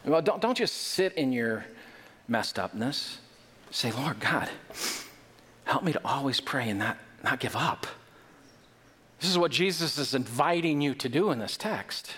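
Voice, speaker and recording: A man preaching in a church, talking to his congregation in a relaxed, conversational way. He peppers the sermon with rhetorical questions and lively asides. His voice sits at an ordinary pitch and rings out with a long, echoing reverb. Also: unhurried, long pauses, slightly rough. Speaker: pastor. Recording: reverberant hall.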